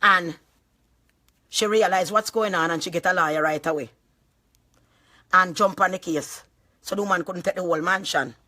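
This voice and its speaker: A woman with a Jamaican accent speaks in heavy patois, swearing freely and rambling through an emotional live-stream rant, with loud bursts and laughter. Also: lowish voice, normal speed, long pauses. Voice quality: heavy patois, frequent cursing. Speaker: vlogger.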